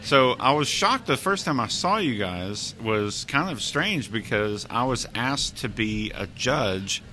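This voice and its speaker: A man's voice: mid-range voice, expressive, a little slow, bright, forceful tone, a little hiss or hum. A middle-aged man hosting a casual interview in a coffee shop, easygoing and joking. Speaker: host.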